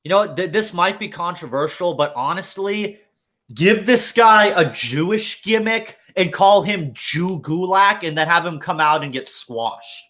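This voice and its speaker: A man's voice: high-pitched, lively intonation, a little slow, pushed and bright. Profane ranting man on a livestream. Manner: profane, rambling rant with many fillers. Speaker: livestream host. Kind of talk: casual chat.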